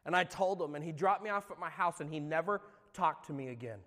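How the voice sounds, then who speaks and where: A middle-aged man from California, a former youth pastor, sharing his personal testimony in an earnest, confessional way that swings between loud and hushed. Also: a little high, quick pace, big-room sound. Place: church.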